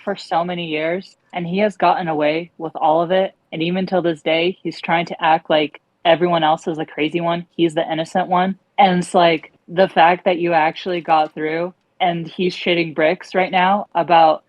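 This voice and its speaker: A woman's voice: lowish voice, level tone, normal speed, hardly any pauses, dry recording, lo-fi sound. A woman guest on an online call, venting her anger with lots of swearing. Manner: angry, profane venting. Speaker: interview guest.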